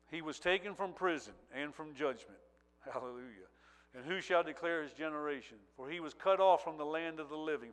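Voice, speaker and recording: A man's voice: medium pitch, fairly bright tone, long reverb tail. A man preaching a sermon, reading long scripture passages aloud and breaking in with "praise God" and "hallelujah" as he builds intensity. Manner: reads scripture with rising intensity, repeated praise interjections.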